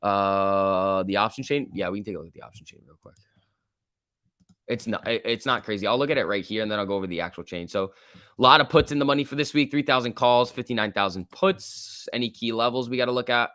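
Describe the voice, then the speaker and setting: A man at a middle pitch hosts a casual stock-market livestream, reading viewer chat and ranting bluntly with plenty of filler words. His voice sounds dry and close, with no room echo. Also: a little fast, sharp tone, clear, resonant tone.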